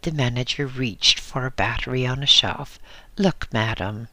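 A man narrating a story in a measured, deliberate reading. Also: medium pitch, steady tone, pushed and bright, dry recording.

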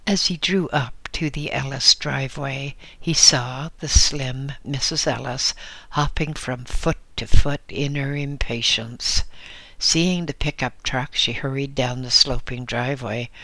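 A male narrator reads a story in a slow, deliberate way. His voice is bright with a gravelly texture. The recording is close and dry. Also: medium pitch, steady tone, no room sound.

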